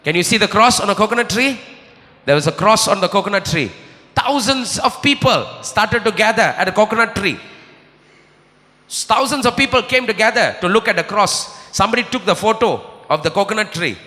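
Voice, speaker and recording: A male preacher delivers an impassioned sermon in a high, very bright voice. He moves between murmured prayer and shouted emphasis. The sound carries a long reverb, as in a large hall. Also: animated, fairly quick.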